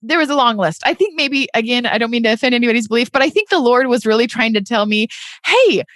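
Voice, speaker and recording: Earnest higher-voiced woman telling her story. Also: fast talker, a bit bright, dry recording, studio quality. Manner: earnest and heartfelt, often tags sentences with "right?"; addresses listeners as "you guys". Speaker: podcast guest, real estate investor. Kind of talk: emotional personal storytelling.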